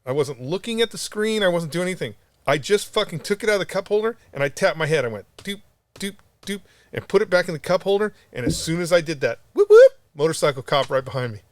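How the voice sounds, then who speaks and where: A man's voice: on the high side, quick pace, dry recording. A man telling a story on a casual podcast, rambling and swearing freely as he goes. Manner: rambling, profane, animated storyteller. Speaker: podcast co-host.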